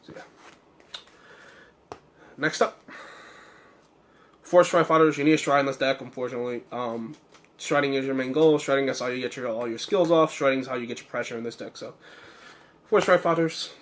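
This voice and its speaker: A slightly hoarse young man casually walks through his card game deck, full of fillers and self-corrections. He speaks at medium pitch and normal speed, pausing often.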